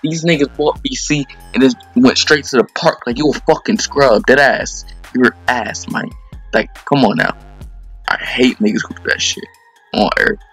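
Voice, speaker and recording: A man's voice: mid-range voice, fairly even intonation, moderate pace, a bit bright, breathy edge, faint music behind. A young man giving heated, profane commentary over his own gameplay video, ranting with lots of slang.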